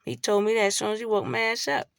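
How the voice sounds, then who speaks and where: Gravelly, profane woman preaching. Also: mid-range voice, big pitch swings, quick pace, no echo, studio quality. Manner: blunt, heavy swearing, preachy. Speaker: spiritual vlogger. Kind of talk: profane spiritual monologue.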